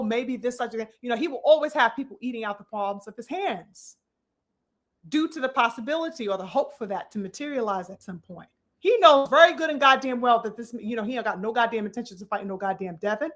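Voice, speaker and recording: A woman's voice: on the high side, a bit bright. A woman giving emphatic, profane boxing commentary, addressing her audience like a preacher. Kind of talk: opinionated commentary vlog.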